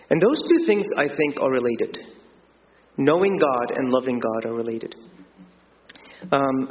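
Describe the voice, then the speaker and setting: An earnest man delivers a sermon from a church, pausing on fillers and restarting phrases. His voice rings out with a long reverb through the hall. The recording sounds dull and muffled, with a faint hiss underneath. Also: medium pitch. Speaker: preacher.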